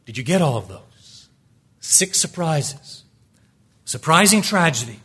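A man preaching a sermon as pastor, emphatic, with repeated rhetorical questions, swinging from hushed lines to loud, urgent ones. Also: medium pitch.

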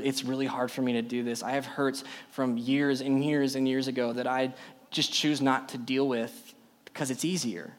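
A young adult man preaching a sermon to a youth group, emphatic and full of rhetorical questions. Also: medium pitch. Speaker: youth pastor.

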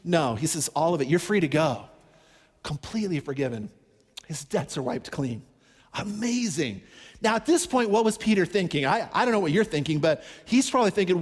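A man preaching a sermon, telling a Bible story in an animated, conversational way and acting out the characters' pleas. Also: fairly high pitch, moderate pace, slightly rough, big-room sound. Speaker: pastor.

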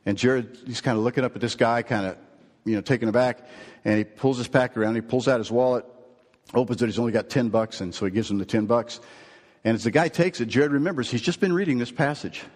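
A male pastor preaches earnestly, moving from storytelling into emphatic points that fall away into low, slowed endings. His voice sits at an ordinary pitch. It carries the long reverb of a large hall. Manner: earnest, builds to emphatic phrases, then drops low and slow. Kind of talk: sermon with storytelling.

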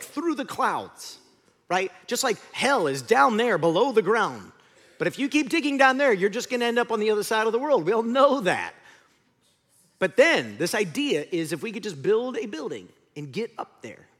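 A male pastor preaching a sermon, telling the story with lively acted-out voices. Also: sits high. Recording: long hall reverb.

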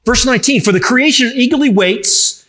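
A middle-aged man preaching a sermon in a lively, conversational way, joking with the congregation. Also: very high-pitched, fairly quick. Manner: animated, conversational, jokes with the congregation. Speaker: pastor.

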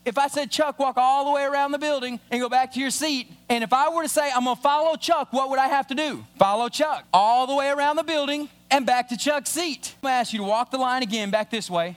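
A man, a pastor preaching a sermon in a church, acting out little scenes and swinging from loud to hushed. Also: very high-pitched. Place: church sanctuary.

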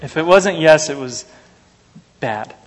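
A man preaching an earnest, measured sermon to a congregation, reading scripture and telling everyday stories. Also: a little high, lively intonation. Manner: earnest, measured, anecdotal asides. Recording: long hall reverb.

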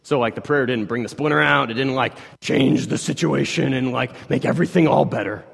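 A man's voice: mid-range voice, a little fast, gravelly, slightly rough. Pastor, man, 30s, chatty sermon delivery that drops to near-whispers and rises again, long hall reverb. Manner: conversational, swings from hushed to loud, many "like" fillers.

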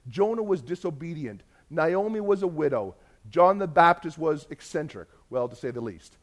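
A man preaching a sermon, telling a story and swinging between hushed, intimate moments and loud, emphatic lists. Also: fairly high pitch, expressive, moderate pace. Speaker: pastor.

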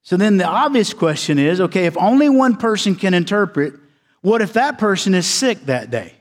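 A man preaching a sermon as pastor, emphatic and repeating key words, sometimes dropping to quiet low tones for stress. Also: big pitch swings, moderate pace, in a large hall.

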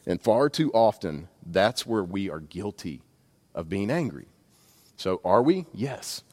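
A man's voice: deep voice, big pitch swings, unhurried, darkish tone. A man preaching a sermon, speaking conversationally with bursts of emphasis and asides. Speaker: pastor. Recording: long reverb of a large hall.

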